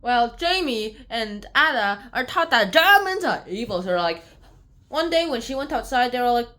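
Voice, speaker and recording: A woman's voice: very animated, normal speed, bright, forceful tone. A woman casually summarizing a book aloud, rambling with many "like"s and restarts, and sometimes acting out the characters' lines. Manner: acts out characters' lines with big jumps in pitch.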